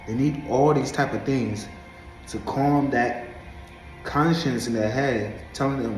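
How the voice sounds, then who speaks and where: A man's voice: medium pitch, a little slow, a little mellow, reverberant, soft background music, low-quality recording. A man from Africa talking to camera in a casual monologue, preachy and emphatic, repeating his points. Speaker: vlogger.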